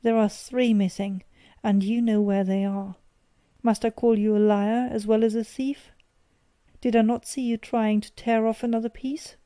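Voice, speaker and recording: A woman's voice: fairly high pitch, little pitch movement, moderate pace, warm tone, no echo, natural voice. A woman voicing a proud, stern older male banker who bursts out in indignant accusations. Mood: accusing.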